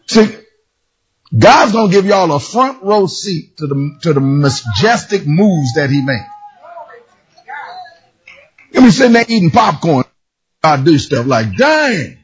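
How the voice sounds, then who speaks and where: A man preaching a lively sermon, telling a story in character and calling out to his congregation. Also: sits high, slightly rough, dull audio. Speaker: pastor.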